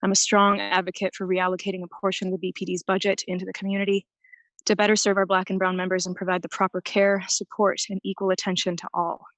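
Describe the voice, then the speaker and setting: A woman's voice: mid-range voice, a bit bright, no room sound, rough recording. Woman, public commenter, earnest, slightly breathless, level tone, dry sound. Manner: earnest, prepared statement. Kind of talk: public comment at a council meeting. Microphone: remote call-in.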